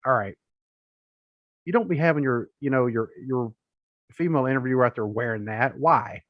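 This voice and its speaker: A man's voice: medium pitch, normal speed, dry recording. Chatty man, lo-fi dry audio. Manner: rambling, chatty, jokey. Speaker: podcast co-host. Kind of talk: casual chat. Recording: dull lo-fi podcast audio, dry.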